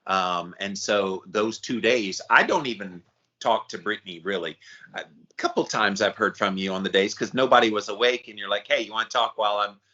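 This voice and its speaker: A man's voice: on the low side, moderate pace, bright, forceful tone, lo-fi sound. A man hosting a podcast, chatting casually with his cohost and often restarting his sentences. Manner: conversational, frequent restarts. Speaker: podcast host.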